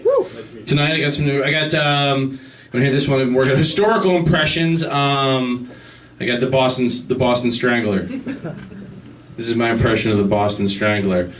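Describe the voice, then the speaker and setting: A young man doing a stand-up set on a club stage, halting and full of ums, with deadpan asides. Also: medium pitch. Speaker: stand-up comedian. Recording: distant mic with loud crowd.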